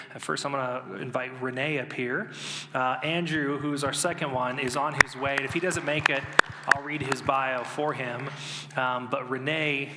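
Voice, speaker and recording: Man, pastor, relaxed, encouraging, church stage, long hall reverb. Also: medium pitch. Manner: relaxed, encouraging, casual fillers. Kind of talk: church announcement.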